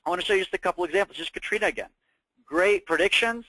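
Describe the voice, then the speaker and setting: A man with a high voice makes an upbeat sales pitch for a trading course. He keeps asking the audience rhetorical questions. The sound is dry and close. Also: very fast, bright, forceful tone, no room sound, low-quality recording. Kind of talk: sales presentation.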